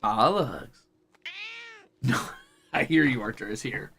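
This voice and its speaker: A man's voice: medium pitch, a little slow, vocal fry, a bit bright, slight background noise. A young man streaming casually, coaxing and teasing his pets with a playful, casual cursing manner. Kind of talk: casual live stream chat.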